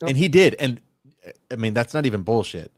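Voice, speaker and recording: Man, mid-pitched voice, dry close sound, animated profane mimicry, livestream banter. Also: fairly quick, no room sound. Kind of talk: casual livestream chat.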